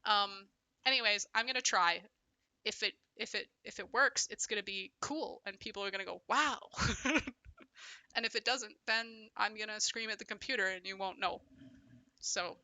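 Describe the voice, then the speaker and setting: A young woman who makes indie games, talking casually over gameplay as she brainstorms. She thinks aloud in a halting, self-deprecating way. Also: mid-range voice, fairly even intonation, bright, forceful tone. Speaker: indie game developer.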